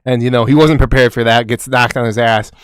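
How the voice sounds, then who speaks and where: A man's voice: mid-range voice, steady tone, brisk, clear, resonant tone, no echo, clean studio sound. A man co-hosting a football podcast, talking casually with lots of swearing and laughter. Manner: profane, laughing, hyped. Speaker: podcast co-host. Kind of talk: casual sports chat.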